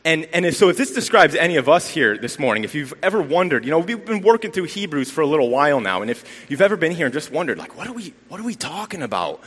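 A man's voice: on the high side, expressive, quick pace, hardly any pauses, fairly bright tone. A man giving a sermon as a lay preacher, telling rambling stories with self-deprecating humor, recorded in a church sanctuary. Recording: long reverb of a church hall.

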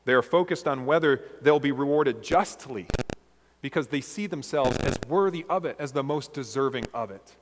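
A man preaching a sermon as a pastor, earnest and measured, asking his listeners rhetorical questions. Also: mid-range voice, long reverb tail, slight background noise.

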